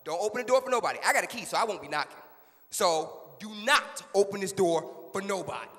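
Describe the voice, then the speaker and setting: A man's voice: animated, very fast, a bit bright, big-room sound. A man playing a shrieking unstable mother. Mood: bossy. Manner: screams in high wails.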